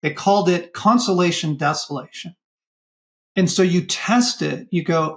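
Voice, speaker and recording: A middle-aged man speaking as a guest in a podcast interview, earnest and animated. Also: high-pitched, unhurried. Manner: earnest, animated when quoting inner voices. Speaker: guest author.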